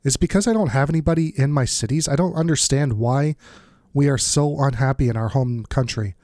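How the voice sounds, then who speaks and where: A man's voice: medium pitch, fairly quick, a little mellow, no room sound, clean studio sound. A man with a stuffed-up nose giving casual, think-aloud commentary while playing a strategy game as the channel's host. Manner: thinks aloud, muttering asides. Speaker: let's play host.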